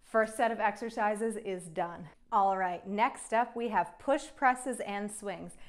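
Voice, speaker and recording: Breathless and encouraging, this young female fitness instructor coaches viewers through a kettlebell routine, counting reps down as they go. Her pitch is medium and her delivery slow.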